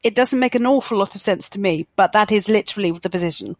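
A woman's voice: mid-range voice, fast, dry recording. A woman on a political discussion panel, explaining a party's position carefully and with a wry tone.

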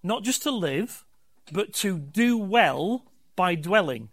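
A man's voice: sits high, expressive, slow. An older man, a pastor giving a candid, conversational sermon to his congregation and building points in emphatic lists. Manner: candid, warm-hearted, talks with emphatic rhythm and lists.

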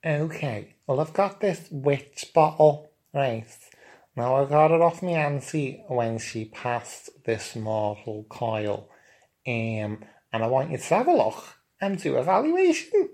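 A man voicing a camp, chatty male hairdresser with a Liverpool accent, chirpy and high. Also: big pitch swings, slow pace, darkish tone.

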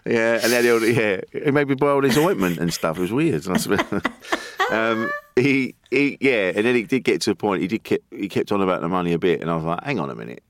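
Low-voiced, rambling man. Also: lively intonation. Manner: rambling, halting storyteller who swears and laughs. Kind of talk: casual chat.

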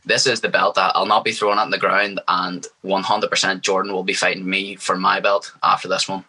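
A man's voice: low-pitched, flat delivery, fairly quick, bright, forceful tone, husky, rough recording. A young man, a fighter speaking as a guest in a casual interview, confident and hyped. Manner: confident, hyped, trash-talking.

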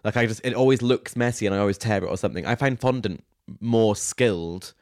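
A man's voice: fairly low pitch, fairly quick, no echo, studio quality. A man co-hosting a podcast, chatting casually with playful, cheeky humour. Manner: playful, cheeky innuendo, lively laughter. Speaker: podcast co-host. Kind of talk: casual chat.

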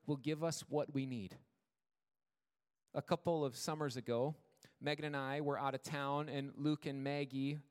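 A man's voice: medium pitch, smooth. Earnest male pastor in echoing hall. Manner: measured, earnest preaching with slowed emphasis on repeated words. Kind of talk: sermon. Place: church sanctuary. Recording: long reverb of a church hall.

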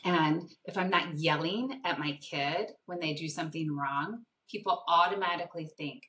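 A woman parenting coach answering interview questions in a lively way, acting out the voices in her stories. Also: sits low, normal speed, hardly any pauses. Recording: echoey room, distant mic.

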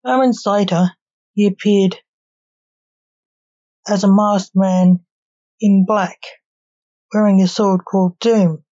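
A woman reading a storybook narration in a calm, unhurried way. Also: mid-range voice. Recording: dull lo-fi recording.

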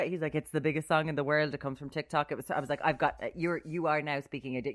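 A woman's voice: low-pitched, fairly even intonation, racing, few pauses. An Irish woman co-hosting a podcast, dry and teasing, with emphatic asides. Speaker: podcast co-host, radio broadcaster. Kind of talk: casual podcast chat.

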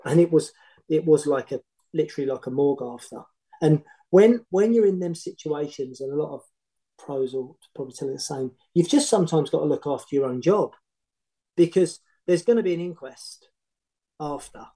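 A middle-aged man, a former football manager, telling long animated anecdotes in casual podcast chat with many restarts. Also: on the high side, moderate pace, low-quality recording. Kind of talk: casual storytelling.

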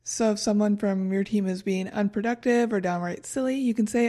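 A woman's voice: mid-range voice, fairly even intonation, a little fast, warm tone. A woman co-hosting a podcast in casual chat, reading from her notes and stumbling over foreign words. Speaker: podcast co-host presenting research.

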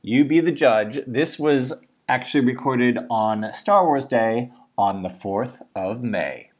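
A man with an Australian accent hosts a podcast and brings in the next story. His manner is wry and easygoing, and his voice sits at an ordinary middle pitch. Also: slow pace, darkish tone. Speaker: podcast host. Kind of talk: podcast introduction.

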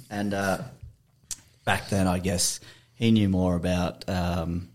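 A man's voice: low-pitched, little pitch movement, takes it slowly, fairly bright tone. An Australian man co-hosting a podcast, telling a rambling anecdote in casual chat, swearing freely and laughing through his own story. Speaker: podcast co-host.

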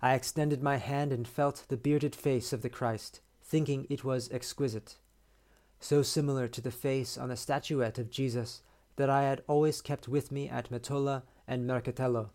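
A man podcast host reading a short story aloud in a measured, steady way. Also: medium pitch.

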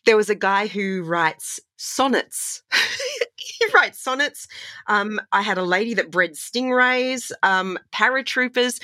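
A woman's voice: on the low side, no room sound, clean studio sound. A woman with an Australian accent, a voiceover artist and voice coach, talking with enthusiasm in a conversational interview. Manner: enthusiastic, animated storytelling with laughs.

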